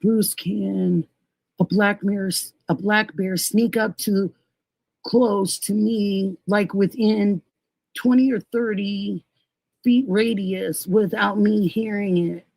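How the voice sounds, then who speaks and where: Casting: middle-aged woman, streamer host, gravelly and unhurried, sentimental and chatty, dry close mic. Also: medium pitch, fairly even intonation, a little mellow, no echo, low-quality recording. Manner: gushing, emotional, thanks viewers by name. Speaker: livestream host. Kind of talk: casual livestream chat reading viewer comments.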